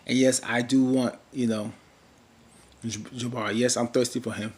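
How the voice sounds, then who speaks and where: A man's voice: mid-range voice, level tone, normal speed, a little mellow. A man casually recapping a TV drama episode, rambling with many fillers and restarts and briefly mimicking characters.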